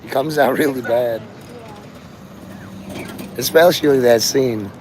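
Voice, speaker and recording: A man's voice: mid-range voice, slow, a crowd in the background. A man livestreaming outdoors on his phone, rambling to his chat and acting out the voices of people he quotes.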